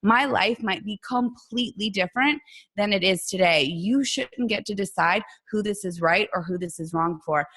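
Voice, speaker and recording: A woman's voice: medium pitch, normal speed, fairly bright tone, breathy edge. A middle-aged woman, a fitness coach, giving a chatty motivational talk to her team and acting out quotes as she tells her story. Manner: chatty, storytelling, acts out quotes in other voices.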